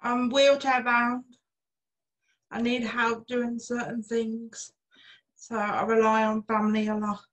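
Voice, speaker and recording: A young woman answering interview questions in short, plain, unhurried sentences. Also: fairly high pitch, little pitch movement, fairly bright tone, poor audio. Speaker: interview guest.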